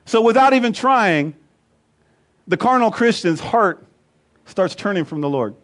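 A man's voice: high voice, expressive, unhurried, a bit bright. A man pastor preaching a sermon, emphatic and repetitive, building rhythmic lists.

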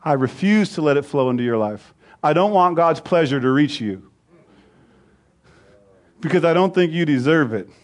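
A man's voice: lively intonation, normal speed, pauses often. Preaching man, swelling and dropping. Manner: preaching, swells loud on scripture then drops low and soft. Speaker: pastor. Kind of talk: sermon.

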